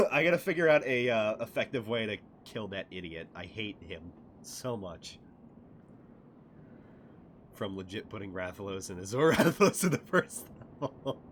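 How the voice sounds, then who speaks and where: A man streaming a video game, giving casual commentary that is profane and excitable, with frequent laughter. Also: lowish voice, measured pace, pauses often, a little hiss or hum.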